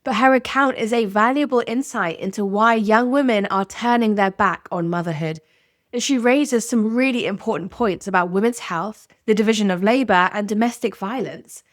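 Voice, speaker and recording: A woman's voice: mid-range voice, normal speed, dry recording, clean studio sound. A woman hosting a podcast, narrating in a candid, conversational way. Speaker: podcast host. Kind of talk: scripted narration.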